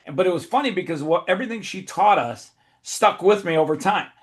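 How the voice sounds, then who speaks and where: His voice sits high, with lively intonation and a fairly quick delivery, as this casual podcast host tells drawn-out stories. Frequent self-interruptions, restarts, and laughs punctuate the telling.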